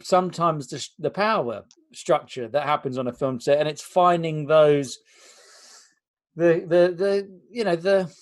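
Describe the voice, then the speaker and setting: A male podcast host with a fairly high voice, talking casually as he works his thoughts out aloud. He stalls on repeated fillers before landing his point. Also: a little slow. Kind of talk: casual interview chat.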